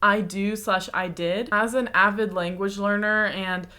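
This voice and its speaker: A US woman hosting a reaction video speaks in a mid-range voice that is bright, forceful and clean, holding a steady tone at a slightly slow pace. She gives chatty, explanatory casual commentary with light sarcasm.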